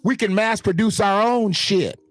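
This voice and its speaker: A man's voice: sits high, a little slow, no room sound, faint music behind. A man hosting his own online show, talking in blunt, profane, emphatic casual commentary.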